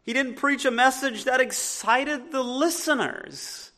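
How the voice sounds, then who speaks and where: A man's voice: very high voice, a little slow, pushed and bright. A man with a Southern US accent preaching a sermon as a pastor, earnest and emphatic, often restarting his sentences.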